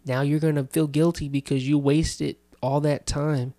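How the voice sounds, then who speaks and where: A young man hosting a relaxed podcast conversation with friends. His voice sits a bit high for a man, and the recording is dry and close. He talks in an easygoing, joking way and lets his lines trail off softly. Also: normal speed, no echo. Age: young adult. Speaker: podcast host. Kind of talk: casual chat.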